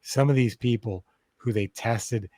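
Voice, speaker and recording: A man co-hosting a podcast, telling a story in a casual, profane, animated way. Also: mid-range voice, unhurried, dry recording, clean studio sound. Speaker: podcast co-host. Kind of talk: casual chat.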